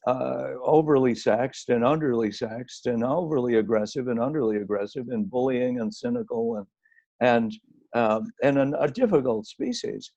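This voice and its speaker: A man's voice: medium pitch, warm tone. Thoughtful man on a lo-fi video call. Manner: measured, hedging with many "I mean"s. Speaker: guest author. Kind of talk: conversational discussion.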